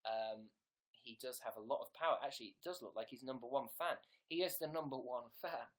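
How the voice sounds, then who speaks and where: A man's voice: medium pitch, brisk. A man hosting a casual livestream from home on a webcam, rambling and joking at his own expense. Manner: joking, rambling, self-mocking. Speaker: livestream host.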